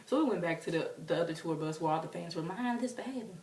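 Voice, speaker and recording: A young woman telling a story to camera in a casual, animated way, acting out quotes in squealing voices. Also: fairly low pitch, fast talker, far from the mic. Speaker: vlogger. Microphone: camera mic from a distance. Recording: roomy, off-mic, faint hiss.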